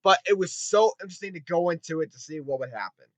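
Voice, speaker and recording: A man giving a rambling, excitable spoken movie review, swearing often and retelling scenes with quick put-on voices. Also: a little high, no room sound. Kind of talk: casual spoken film review.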